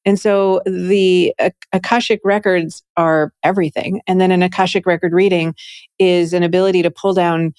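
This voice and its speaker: Woman interview guest, fairly low pitch, upbeat and talkative, dry studio feel. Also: fairly even intonation, normal speed, darkish tone, clear, resonant tone, no room sound. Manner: enthusiastic, chatty, frequent "like" and "right?". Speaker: guest, Akashic Records reader and teacher. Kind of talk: casual interview conversation.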